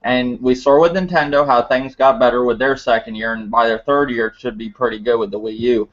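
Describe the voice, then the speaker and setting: A man with a mid-pitched voice rambles through casual podcast chat, leaning on fillers. The recording is muffled and lo-fi. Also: steady tone, brisk. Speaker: podcast co-host. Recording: muffled lo-fi audio.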